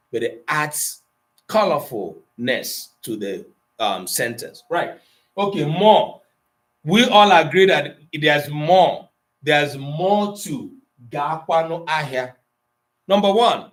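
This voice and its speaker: A man's voice: a little high, lively intonation. Igbo-accented male tutor, leisurely delivery, patient explainer. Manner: explains slowly, switching between Igbo and English, quizzing students. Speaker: Igbo language teacher. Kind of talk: online language class.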